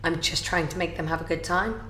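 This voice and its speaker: A woman's voice: deep voice, steady tone, brisk, pushed and bright, slight background noise. Chatty woman host, echoey room. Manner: chatty, swears casually. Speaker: podcast host. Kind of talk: casual podcast chat.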